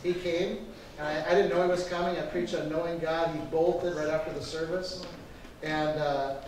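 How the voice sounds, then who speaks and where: A man preaching to a church class as pastor, telling a story with lively quoted voices. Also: fairly high pitch, moderate pace, slight background noise. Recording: echoey room from far off.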